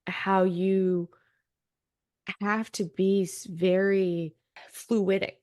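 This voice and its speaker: A woman co-hosting a podcast in casual chat, telling stories in an unhurried way with trailing pauses. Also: mid-range voice, level tone, darkish tone, smooth, no echo, clean studio sound. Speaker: podcast co-host.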